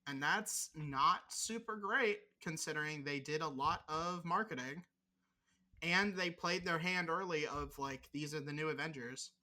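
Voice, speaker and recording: Bright voice, podcast co-host, rambling casual chat, teasing, swears freely. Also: medium pitch, unhurried.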